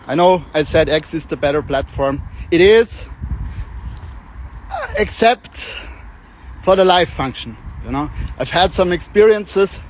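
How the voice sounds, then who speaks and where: Rambling, joking man with a higher voice. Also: a little hiss or hum. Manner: joking, self-mocking, meandering. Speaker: live streamer. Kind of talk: rambling live-stream monologue. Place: outdoors on a city street.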